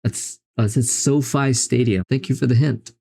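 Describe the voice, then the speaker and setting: Gravelly-voiced young man thinking aloud. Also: mid-range voice, steady tone, normal speed, mellow. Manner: self-mocking, exasperated, thinking aloud. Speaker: gaming video host. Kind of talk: casual commentary while playing.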